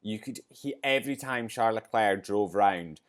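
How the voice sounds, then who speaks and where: A man with a somewhat low voice hosts a casual podcast race review. He rambles excitably, and his voice turns teary and choked up as he talks. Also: normal speed, clean tone. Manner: excitable, rambling, gets emotional. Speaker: podcast host.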